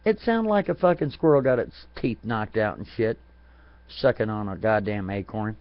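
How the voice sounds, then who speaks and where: A man's voice: fairly low pitch, lively intonation, normal speed. A man ranting crudely and comically, often breaking into laughter at his own jokes. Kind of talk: profane comedic rant to a stream. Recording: dull lo-fi home recording.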